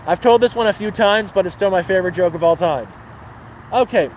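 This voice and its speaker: A man chatting casually on a livestream, crude and laid-back, swearing as he tells dark jokes. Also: high-pitched, brisk, slight background noise, low-quality recording. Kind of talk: casual livestream chat and joke telling. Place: outdoors near water.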